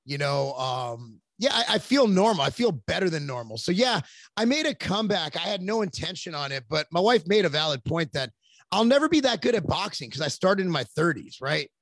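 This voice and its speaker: A man in his forties, appearing as a podcast guest, tells long rambling stories in casual chat, cursing plenty along the way. His high voice has big pitch swings and a fairly bright tone, and he talks fairly quickly; there's no echo.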